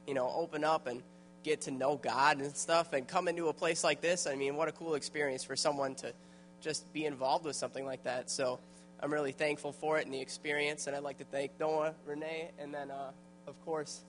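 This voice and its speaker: A man's voice: mid-range voice, fairly bright tone. A man with a mid-range voice gives a short testimony at a church in a casual, earnest way. A faint hum runs underneath the recording. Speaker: program volunteer.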